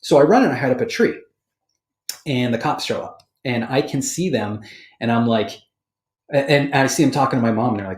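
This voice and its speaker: A podcast host from the Boston area of the USA chats casually, his medium-pitched voice moving at a moderate pace in a roomy-sounding space. He's an animated storyteller who laughs often.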